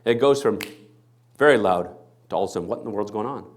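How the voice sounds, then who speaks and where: A man's voice: lowish voice, quick pace. A male pastor preaching a sermon, acting out the people in the story as he goes. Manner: animated, acts out the people in the story. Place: church.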